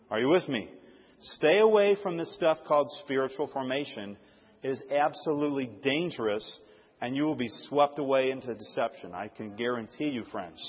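Emphatic husky male preacher in a hall. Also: a little high. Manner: emphatic, asks the crowd to fill in words; dynamic, swings from loud stresses to hushed asides. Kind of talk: sermon to a live audience. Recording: dull, echoey hall recording.

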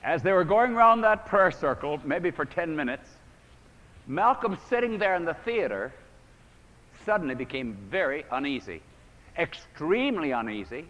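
A man preaching a storytelling sermon to a congregation, acting out the voices in the story with big swings from hushed to loud. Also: a little high, big pitch swings, moderate pace, lo-fi sound. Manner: dramatic, acts out quoted voices with big swings in volume. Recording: echoey hall recording.

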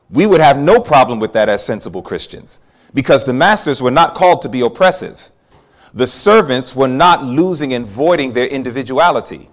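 A man preaching a sermon, telling a personal story with animated swings from hushed asides to loud exclamations. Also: medium pitch.

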